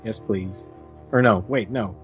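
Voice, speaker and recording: A man's voice: lowish voice, measured pace, muffled recording, faint music behind. A man co-hosting a podcast, chatting easily and musing about what comes next. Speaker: podcast co-host. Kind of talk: casual chat.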